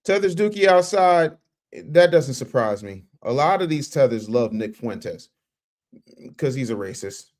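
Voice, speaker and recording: A man hosting a live reaction stream, mocking and roasting clips and reading viewer messages in a rowdy casual way. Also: a little high. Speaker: livestream host.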